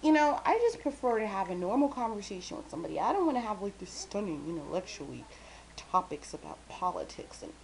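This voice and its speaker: A woman's voice: mid-range voice, sing-song, fast, gravelly, rough recording. A chatty young woman rambles through a casual home vlog, talking in a mid-range voice with lots of fillers. She mumbles in spots and stays self-deprecating. A faint hiss sits under the recording. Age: young adult. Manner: chatty, self-deprecating, quotes friends in bright squealy voices. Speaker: vlogger.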